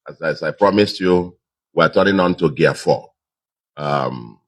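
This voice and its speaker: A man's voice: very deep voice, measured pace. A man with a Nigerian accent giving an emphatic victory speech to supporters, repeating his key phrases. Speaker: politician.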